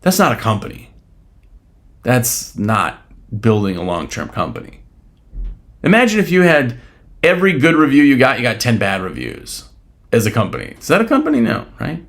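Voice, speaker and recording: A man's voice: medium pitch, wildly swooping pitch, moderate pace, pauses often, a bit bright. A man hosting a solo podcast, talking bluntly and casually with a bit of swearing, and peppering his points with rhetorical questions. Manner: blunt, opinionated, casually profane; rhetorical questions, frequent "right?". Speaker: podcast host.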